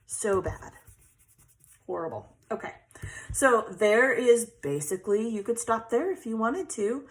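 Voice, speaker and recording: A woman's voice: fairly high pitch, expressive, normal speed. Chatty woman crafting. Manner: chatty, laughs easily, checks in with okay. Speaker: craft tutorial host. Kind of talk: casual crafting tutorial.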